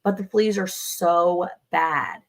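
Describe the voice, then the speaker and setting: A woman co-hosting a livestream, talking casually and telling stories in an animated, chatty way. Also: lowish voice, takes it slowly, creaky. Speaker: livestream co-host. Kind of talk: casual chat.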